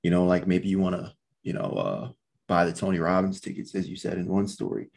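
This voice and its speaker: A man hosting a casual interview, speaking haltingly with many fillers. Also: low-pitched, very animated, creaky, darkish tone. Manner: halting, filler-heavy, encouraging. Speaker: podcast host.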